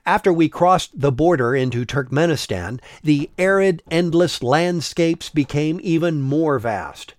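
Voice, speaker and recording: A man narrating a travel story in a measured, wry scripted style. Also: on the high side, lively intonation, no room sound, studio quality.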